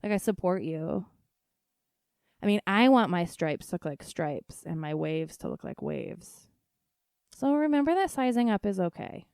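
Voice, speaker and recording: A woman's voice: fairly low pitch, animated, a little slow, gravelly, darkish tone, smooth, no echo, studio quality. A woman hosting a casual solo podcast, talking frankly and swearing freely, often laughing. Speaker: podcast host.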